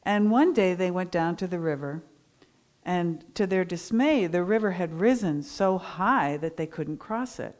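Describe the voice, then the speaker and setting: A middle-aged woman preaching at a Sunday service, spinning a story with animated, lively delivery. Her voice sits a little low for a woman. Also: a little slow. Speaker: minister giving a Sunday talk. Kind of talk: sermon storytelling.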